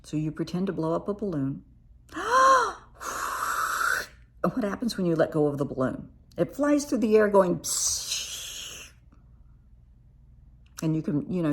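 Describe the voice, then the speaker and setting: A middle-aged woman therapist calmly teaching coping steps, reassuring and sometimes acting out playful examples. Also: fairly low pitch. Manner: calm, reassuring, demonstrates with playful voices.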